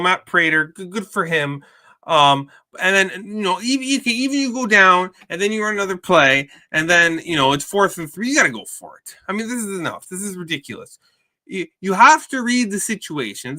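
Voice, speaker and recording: Bright-voiced man ranting about football bets. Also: high-pitched. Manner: heated, ranting, many restarts and repeats. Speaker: sports betting show host. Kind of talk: casual betting commentary.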